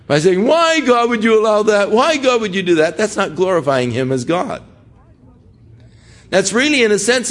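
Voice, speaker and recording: An older man preaching a conversational sermon, acting out the voices of people praying as he quotes them. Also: medium pitch. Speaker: pastor.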